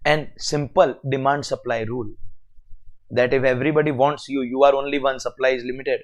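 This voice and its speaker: A man with an Indian English accent teaching a tax lecture to students, animated and full of rhetorical questions. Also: medium pitch, a little fast. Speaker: CA exam lecturer.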